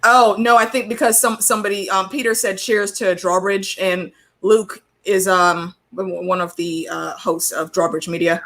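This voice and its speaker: A woman's voice: mid-range voice, fairly even intonation, moderate pace, few pauses, fairly bright tone. An American woman guest on a livestream, talking in an easygoing way with hesitations. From United States. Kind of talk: casual livestream chat.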